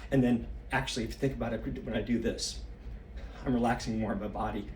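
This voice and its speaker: A man's voice: mid-range voice, fairly even intonation, quick pace, darkish tone, echoey room, distant mic, a little hiss or hum. A man in his fifties, slightly out of breath, rambling and losing his train of thought as he thinks aloud while shaking his body. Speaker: solo practice vlogger.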